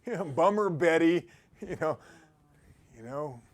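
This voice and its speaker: A man's voice: on the high side, lively intonation, a little slow. A man giving an upbeat motivational talk who exhorts his listeners and often laughs. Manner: quotes scripture. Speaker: motivational speaker.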